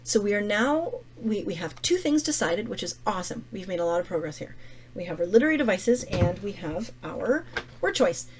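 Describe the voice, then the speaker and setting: A woman's voice: medium pitch, very animated, brisk. A woman teaching essay writing who thinks aloud, corrects herself and mutters words under her breath while she works.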